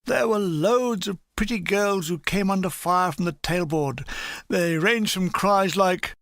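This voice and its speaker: A woman's voice: lowish voice, measured pace, no room sound. An older woman reading a comic war memoir aloud, with dry comic timing. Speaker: reader.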